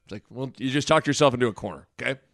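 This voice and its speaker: A man in his thirties co-hosting a podcast, animated, retelling conversations in a casual chat. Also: mid-range voice, racing, creaky, heavy background noise. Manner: animated, quotes people in dialogue. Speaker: podcast co-host.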